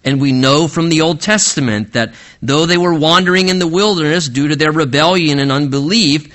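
A male pastor preaching a sermon, explaining scripture verse by verse and slowing down earnestly to stress key phrases. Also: a little high, fairly bright tone.

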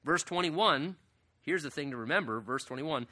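A man's voice: a little high, normal speed. A man preaching an expository sermon in a conversational way, often asking the audience questions and rising sharply for emphasis. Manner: animated, rises sharply for emphasis. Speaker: pastor.

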